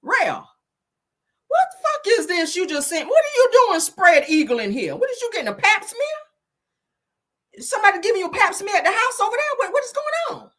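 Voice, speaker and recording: A woman putting on an outraged churchgoing mother, scolding in shrill, rapid-fire questions. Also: big pitch swings, a bit bright, heavily acted.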